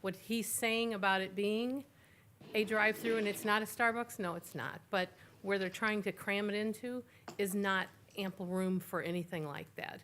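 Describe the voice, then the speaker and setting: A woman's voice: medium pitch, fairly even intonation, normal speed, fairly bright tone, a little hiss or hum. Emphatic woman complaining at a hearing. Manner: emphatic, insistent, repetitive. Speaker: resident speaking at public hearing. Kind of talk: public comment at a council meeting.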